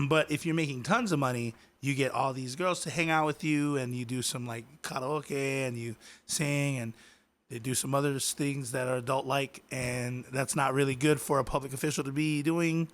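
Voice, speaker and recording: A man's voice: medium pitch, fairly even intonation, normal speed. Rambling, chuckling podcast guy. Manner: rambling, chuckling, loose storytelling. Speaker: podcast co-host. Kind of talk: casual chat.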